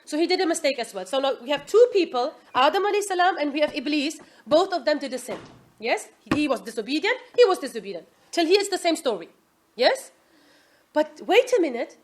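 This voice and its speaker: High-voiced woman teaching an Islamic class. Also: brisk. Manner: asks the class "Yes?" often, lively quoting. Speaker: religious teacher.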